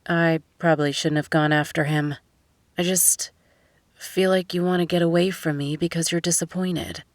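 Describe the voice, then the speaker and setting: A woman voicing a guarded young billionaire man who speaks softly and intimately. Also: on the low side, steady tone, moderate pace, dry recording, natural voice. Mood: tender.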